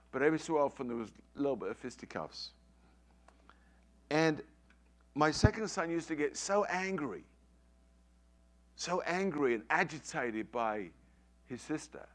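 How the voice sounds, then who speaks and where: A man's voice: a little high, expressive, unhurried, pauses often, fairly bright tone. A middle-aged man preaching a sermon, telling a family story with emphatic, repeated phrases.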